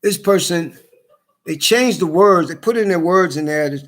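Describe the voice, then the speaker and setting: A middle-aged man ranting in a rambling monologue, swearing often, stammering and repeating himself, swinging between loud outbursts and tired mutters. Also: high voice, unhurried. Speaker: vlogger.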